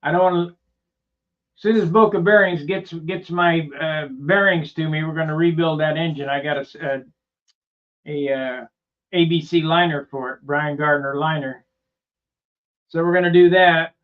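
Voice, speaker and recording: A man with a slightly high voice rambles through a casual workshop vlog, plainspoken and full of loose asides. The recording sounds dull and lo-fi, with the top end rolled off. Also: fairly even intonation, moderate pace, long pauses. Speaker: model airplane builder and channel host.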